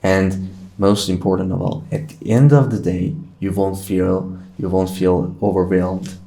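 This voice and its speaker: A young man from Iran answers interview questions in English, playful and often hesitant as he searches for words. His voice is low and mellow. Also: fairly even intonation, unhurried, vocal fry. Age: young adult. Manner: playful, hesitant, lots of fillers. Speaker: guest. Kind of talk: casual interview chat.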